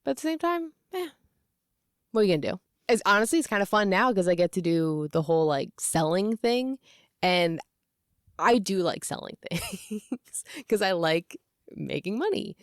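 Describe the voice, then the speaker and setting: A woman's voice: medium pitch, lively intonation, normal speed, no echo. Giggly woman in her thirties, dry close sound. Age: 30s. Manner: rambling, laughing often, with many fillers. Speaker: YouTuber. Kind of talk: casual confessional vlog.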